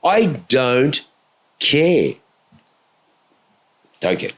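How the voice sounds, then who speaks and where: A middle-aged man hosting a podcast, telling stories in a casual, heavily profane and animated way. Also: medium pitch, extremely slow. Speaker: podcast host. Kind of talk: casual chat.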